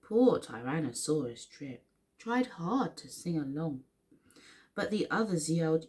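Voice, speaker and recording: A woman reading a children's picture book aloud for storytime in an expressive, sing-song way. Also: sits low, measured pace. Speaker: story reader.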